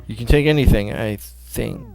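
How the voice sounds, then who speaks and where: A man's voice: lowish voice, normal speed, gravelly, a little mellow. A man giving casual, offhand commentary on a video game demo, often correcting himself mid-sentence. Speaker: gameplay commentator. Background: faint game music.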